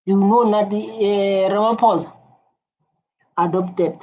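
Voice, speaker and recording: A woman hosting a reaction video, talking in animated, repetitive casual commentary with a husky voice. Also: mid-range voice, takes it slowly, highs cut off. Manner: animated, repeats phrases, many fillers and restarts.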